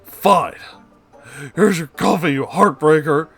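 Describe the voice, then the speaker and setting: A man voicing a spiteful, jilted young woman in a storybook reading, yelling in a shrill voice. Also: slow, breathy edge, faint music behind, heavily acted.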